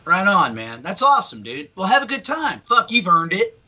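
Excited cohost guy, real bright forceful voice, kinda muffled audio, swears a ton. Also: high-pitched, normal speed. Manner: enthusiastic, profane, keeps repeating "awesome". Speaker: podcast co-host. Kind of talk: casual podcast chat. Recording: slightly dull, lo-fi sound.

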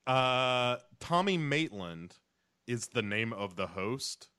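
A man's voice: mid-range voice, animated, slow, sharp tone, clean tone. A man co-hosting a podcast, chatting casually and crudely with jokes and film quotes. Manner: joking, quoting films. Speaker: podcast co-host.

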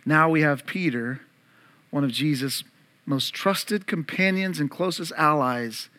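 A man's voice: fairly high pitch, a little slow, bright, forceful tone. A male pastor preaching an Easter sermon, earnest and direct, asking his congregation questions as he goes.

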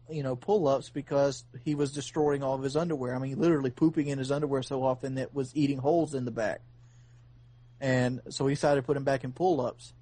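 A man's voice: medium pitch, mellow. A man hosting a casual podcast chat, telling a long earnest story with many restarts.

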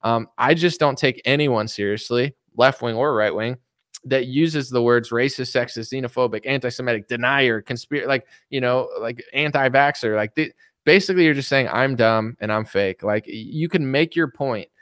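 A man's voice: medium pitch, moderate pace, fairly bright tone, no room sound, clean studio sound. A man giving a casual opinion monologue, rambling with constant fillers. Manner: rambling, heavy use of filler "like". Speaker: political commentator.

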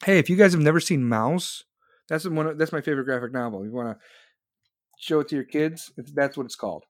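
A man's voice: fairly high pitch, brisk, no room sound, clean studio sound. A man in his forties hosting a live podcast, ranting angrily and bluntly with heavy swearing while reading chat. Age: 40s. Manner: angry, profane, blunt. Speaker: podcast host.

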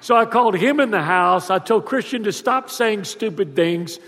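A high-voiced middle-aged pastor preaching and telling a family story. He acts out the voices with lively swings. The sound rings with long hall reverb. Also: moderate pace, a little hiss or hum. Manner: animated, acts out voices in his stories. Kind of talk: sermon storytelling.

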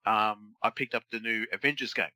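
Bright teasing man, dry close sound. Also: lowish voice, fairly even intonation, fairly quick, dry recording, rough recording. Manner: teasing, crude banter. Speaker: podcast co-host. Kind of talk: casual chat.

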